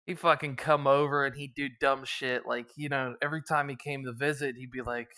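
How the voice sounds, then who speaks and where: A man's voice: mid-range voice, fairly even intonation, a little fast, few pauses, pushed and bright. A young man from the US East Coast hosting a podcast, telling crude, joking stories in casual chat. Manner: crude, laughing storyteller. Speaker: podcast host.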